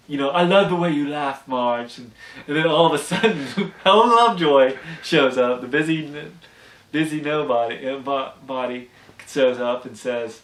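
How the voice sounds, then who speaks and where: Guy rambling thru an episode recap, slightly high voice, echoey room, kinda far from the mic. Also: fairly bright tone. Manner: rambling, restarts a lot, acts out character quotes. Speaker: podcast co-host. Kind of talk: casual episode recap chat.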